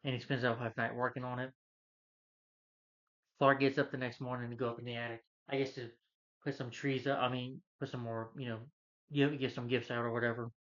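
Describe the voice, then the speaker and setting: Man, movie reviewer, rambling casual plot retelling, mid pitch, slightly dull lo-fi sound. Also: little pitch movement, brisk, a bit bright. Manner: rambling, acts out quotes from the film.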